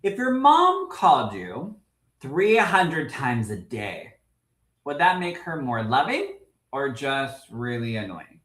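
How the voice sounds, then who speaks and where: A man co-hosting a podcast as a medium, telling stories in a lively way, laughing often and greeting live viewers. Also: mid-range voice, slow, reverberant, low-quality recording. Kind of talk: casual livestream chat.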